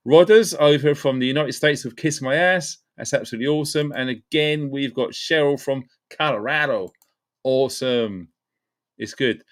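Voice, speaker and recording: Upbeat man greeting live-stream viewers. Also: medium pitch. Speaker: livestream host. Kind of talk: casual live-stream chat.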